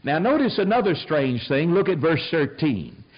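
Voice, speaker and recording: An older man preaching a sermon, telling stories in an animated, emphatic way. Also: fairly high pitch, normal speed, husky. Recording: dull lo-fi sound.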